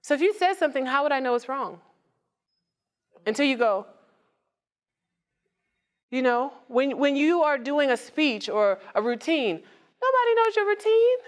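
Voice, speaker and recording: A woman speaks to a live audience in a motivational talk, her voice sitting a little high and swinging widely in pitch. She talks like she is chatting, tossing questions at the crowd and joking. She comes across as a nonprofit founder sharing hard-won lessons. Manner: lively, conversational, asks the audience questions and jokes.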